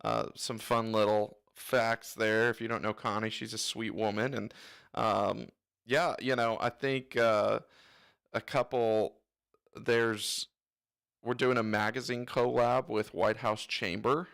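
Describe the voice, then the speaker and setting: A man's voice: fairly low pitch, level tone, slow, creaky, a bit bright, clean tone. A man from Northwest Missouri, a guest on a radio show, chatting in a friendly, easygoing way. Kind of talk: casual radio chat.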